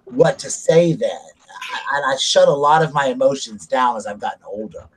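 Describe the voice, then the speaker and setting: A man's voice: mid-range voice, animated, normal speed, husky. A middle-aged man from South Carolina hosting a casual chat, talking openly and rambling about family and feelings. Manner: open, rambling, confessional. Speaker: host.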